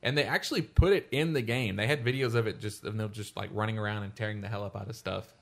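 A man's voice: lowish voice, quick pace, vocal fry. Laughing man podcast host. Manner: laughs often, loose and rambling. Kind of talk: casual chat.

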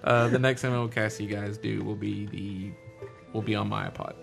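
A man's voice: on the low side, steady tone, moderate pace, gravelly. Male podcast co-host, casual joking banter, faint music underneath. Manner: joking, laughs while mimicking message boards. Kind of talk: casual chat.

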